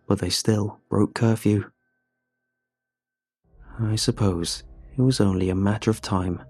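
Low mellow guy reading a creepy horror story, slow and somber, faint music behind. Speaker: narrator. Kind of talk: scripted horror story narration.

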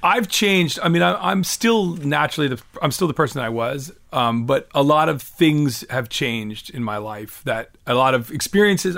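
Gravelly and a touch bright at a medium pitch, the voice belongs to a middle-aged musician from the United States. He is a guest in a conversational interview, talking in a rambling, self-deprecating manner with frequent restarts.

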